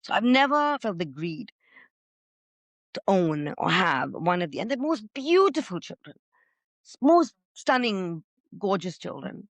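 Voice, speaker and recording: A middle-aged woman, a podcast guest, telling her own story with feeling, loud and gregarious by her own account. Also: medium pitch, unhurried, dry recording. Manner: expressive, says she is loud and gregarious. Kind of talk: emotional personal storytelling.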